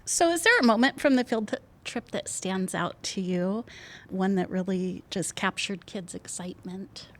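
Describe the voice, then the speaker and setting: A woman's voice: medium pitch, normal speed, a bit bright. A woman host interviewing teachers with short, prompting questions. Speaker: podcast host.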